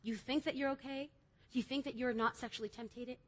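A woman giving an energetic youth sermon in a church service, emphatic and swinging between loud exhortation and quiet confession. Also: high-pitched, fairly quick. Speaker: youth speaker.

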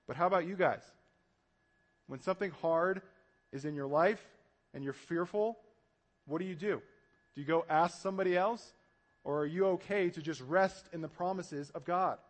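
A man preaching a sermon as pastor, animated and conversational, acting out panicked voices as he tells the story. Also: sits high.

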